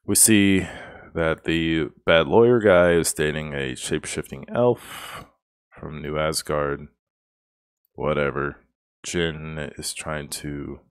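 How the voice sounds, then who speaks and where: A man, one of the channel's regular hosts, giving a rambling, exasperated casual review of a show episode and laughing often. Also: extremely low pitch.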